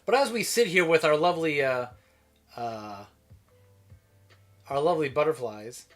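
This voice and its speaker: A man from Minnesota talks through a live stream in loose, casual commentary, often trailing off and circling back mid-thought. His voice sits a little higher than most men's. Quiet music plays faintly in the background. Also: animated, measured pace. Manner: rambling, self-interrupting, chatty.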